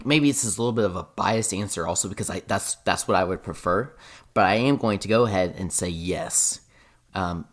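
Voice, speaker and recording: Man, fairly low voice, podcast co-host, rambling, lots of ums. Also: a bit bright. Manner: rambling, thinking aloud with many fillers. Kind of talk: casual sports podcast chat.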